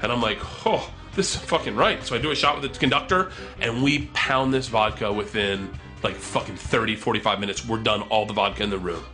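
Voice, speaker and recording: A man in his thirties tells a comic story in a bright, forceful voice. He is animated and profane and acts out every quote. Soft music plays faintly behind him. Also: lowish voice, a little fast, hardly any pauses.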